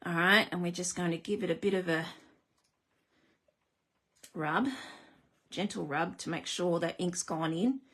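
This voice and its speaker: A woman's voice: fairly low pitch, unhurried, long pauses, a bit bright, breathy edge. A woman hosting a live card-making demonstration, chatty and self-deprecating, greeting viewers as she works. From Australia.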